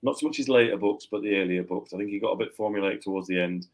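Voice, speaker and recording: Relaxed low-voiced man chatting. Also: fast, poor audio. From Yorkshire. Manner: relaxed, rambling, laughs easily. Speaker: guest author. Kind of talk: casual podcast chat.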